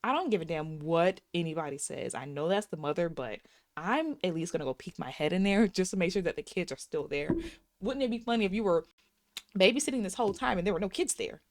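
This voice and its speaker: A woman in her thirties with a slightly low voice recaps a movie scene by scene. She is chatty and sassy and talks straight to her viewers. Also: lively intonation, a little fast. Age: 30s. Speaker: movie reviewer. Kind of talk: casual movie recap and review.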